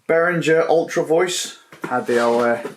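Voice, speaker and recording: A man's voice: a little high, a little slow, a little hiss or hum. Rambling man, laughing at himself. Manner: self-deprecating, swearing, laughing at himself. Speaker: livestreamer. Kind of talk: casual rambling monologue. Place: home.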